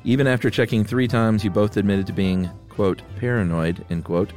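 A man co-hosting a podcast, reading listener mail aloud in a relaxed, casual way with easy laughs. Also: on the low side, normal speed, faint music behind. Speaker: podcast co-host.

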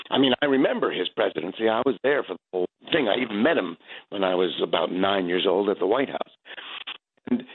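A man's voice: medium pitch, breathy edge. A man in his seventies, a stage actor, talking reflectively in an interview and often restarting his sentences. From United States. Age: 70s. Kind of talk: interview over the phone. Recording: tinny phone line.

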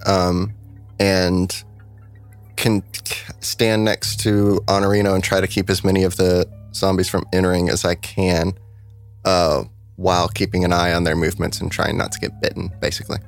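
Low gravelly guy at the game table, slow and hesitant, lots of ums. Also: flat delivery, faint music behind. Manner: hesitant, measured, many fillers. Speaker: player. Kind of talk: casual tabletop play.

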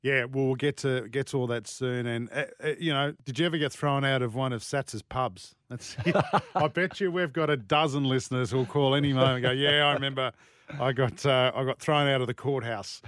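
A man hosts a sports radio show from a studio, with a dry, close studio-mic sound. His voice sits at a middle pitch for a man. He talks in a brisk way and teases his co-host. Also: fairly bright tone, no echo. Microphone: studio microphone.

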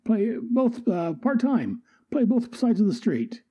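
A man's voice: high voice, very animated, normal speed, husky, dry recording, highs cut off, pitched above the performer's own voice, exaggerated voice. A man voicing a cheeky, wisecracking male crook while reading a comic aloud. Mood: cocky. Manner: brash, cheeky, mocking.

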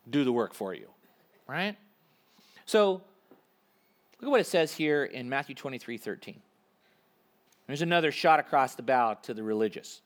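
A man preaching a sermon in a conversational, animated way, acting out little asides to the congregation. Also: mid-range voice. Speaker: pastor.

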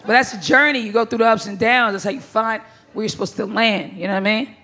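A woman's voice: fairly high pitch, steady tone, fast, pushed and bright. A woman performing a stand-up comedy set, brash and blunt, with crude punchlines and bursts of laughter. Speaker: stand-up comic.

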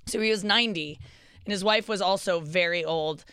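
Chatty woman with a smooth voice. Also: on the low side, moderate pace, no room sound, clean studio sound. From St. Louis. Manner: animated, chatty, lots of fillers and laughs. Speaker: podcast guest storyteller. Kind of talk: casual storytelling chat.

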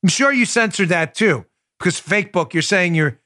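A man's voice: high-pitched, expressive, moderate pace, sharp tone, no room sound, clean studio sound. A man from New York hosting a political podcast, delivering a combative, sarcastic opinion monologue. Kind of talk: opinionated talk show monologue.

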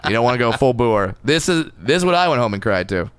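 A man's voice: mid-range voice, sing-song, very noisy. Wry joking male podcast co-host. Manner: wry, joking, chiming in with quick asides. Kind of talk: casual comedic chat.

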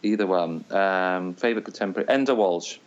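Irish male guest, smooth, low-pitched voice, thoughtful with lots of ums, dull lo-fi sound. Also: fairly quick. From Ireland. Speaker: interview guest, theatre maker. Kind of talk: casual interview chat.

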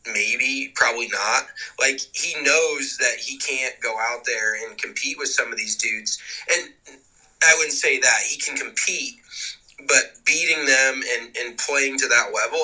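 A man's voice: medium pitch, normal speed, pushed and bright, husky, low-quality recording. A man co-hosting a podcast, chatting casually and teasing about golfers, with loose, profane banter over a remote call. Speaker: podcast co-host. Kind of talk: casual chat. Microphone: remote call mic.

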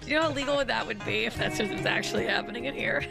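A woman's voice: on the high side, rapid-fire, creaky, over music. A woman co-hosting a radio morning show, reading quirky news items and reacting with dry exasperation to her partner's antics. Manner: exasperated, dry, eye-rolling. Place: radio studio.

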